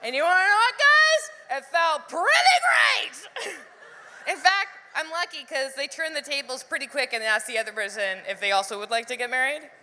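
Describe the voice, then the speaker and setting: A woman doing live stand-up, with a high, bright voice that leaps all over. She is animated, acts out other voices and laughs often. The sound rings with a long hall reverb. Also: moderate pace. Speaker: stand-up comedian. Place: live comedy venue.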